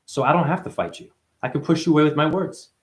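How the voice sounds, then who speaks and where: A man hosting a livestream, giving a rambling, profane, preachy spiritual monologue with sudden high, loud exclamations. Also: fast. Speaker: livestream host.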